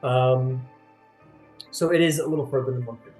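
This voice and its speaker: A man's voice: medium pitch, brisk, a little mellow. A man narrating a tabletop game as game master, in a loose, rambling way with lots of fillers. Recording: roomy sound with faint music.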